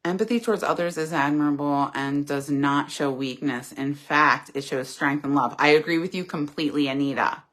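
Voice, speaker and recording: A woman's voice: deep voice, normal speed, hardly any pauses, fairly bright tone. A middle-aged woman hosting a casual live chat, reading viewers' comments aloud and answering them earnestly and candidly.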